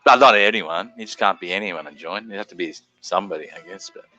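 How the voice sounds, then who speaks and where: A middle-aged Australian man chatting casually as host of a live stream, laid-back and quick to greet viewers. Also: low voice, bright, forceful tone, soft background music, low-quality recording.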